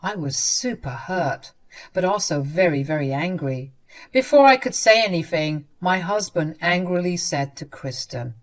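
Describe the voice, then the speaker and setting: A woman's voice: lowish voice, expressive, measured pace. A woman narrating a first-person story in a subdued, earnest way.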